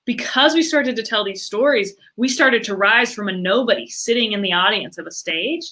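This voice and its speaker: A woman guest in an interview, talking with lots of fillers and acting out other people's reactions in quick quoted voices. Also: mid-range voice. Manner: animated, many fillers, acts out quoted reactions. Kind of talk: enthusiastic interview talk.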